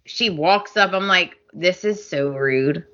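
A woman's voice: fairly low pitch, slow, pushed and bright, lo-fi sound. A woman co-hosting a podcast, chatting casually and getting exasperated, laughing often. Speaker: podcast co-host. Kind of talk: casual chat recapping a soap opera.

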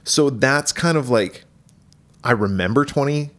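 A man's voice: mid-range voice, unhurried, a bit bright. A man in his thirties co-hosting a podcast in casual chat, loose, joking and profane. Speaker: podcast co-host.

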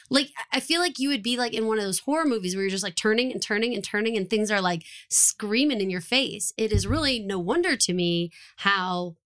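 Animated woman recapping a TV show. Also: medium pitch. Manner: animated, quick, acts out quotes from the show. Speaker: podcast co-host. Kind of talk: casual TV recap discussion.

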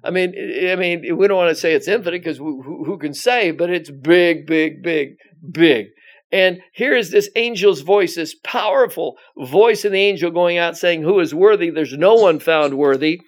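A man's voice: high voice, moderate pace. A male pastor giving conversational Bible teaching, rambling with many "you know"s and restarts, and reading scripture aloud with emphasis.

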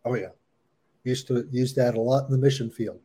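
A middle-aged man hosting a reflective discussion, speaking in a measured, thoughtful way. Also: mid-range voice, mellow, slightly rough.

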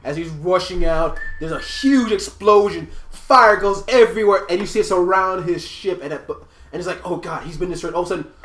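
A man narrating a tabletop game as game master, animated and quick to laugh. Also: high voice, reverberant. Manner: animated, laughing, does voices.

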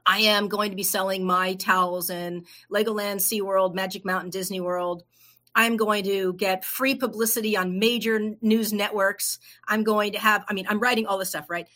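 A woman's voice: medium pitch, steady tone, normal speed, fairly bright tone. A middle-aged woman, a business owner, telling her story in a casual interview, acting out the voices of people she quotes. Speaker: entrepreneur guest.

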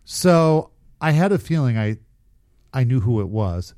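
A man's voice: mid-range voice, big pitch swings, unhurried, dark tone. Man, podcast co-host, casual chat, rambling, profane, laughs at his own story.

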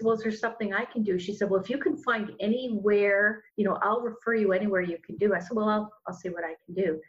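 A middle-aged woman, a podcast guest telling her story in an earnest, rambling way with many restarts. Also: medium pitch. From Canada. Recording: dull lo-fi sound.

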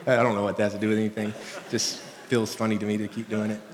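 A man's voice: lowish voice, flat delivery, rapid-fire. A middle-aged man preaching as a pastor, talking casually and asking the congregation questions. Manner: conversational, asks the congregation questions. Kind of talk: sermon. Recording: long reverb of a large hall.

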